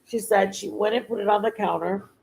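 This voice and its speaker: A woman's voice: medium pitch, steady tone, a little fast, gravelly, a little mellow, rough recording. A middle-aged woman hosting a livestream in casual chat, rambling earnestly and often stopping to search for the right words. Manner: earnest and heartfelt. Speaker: livestream host.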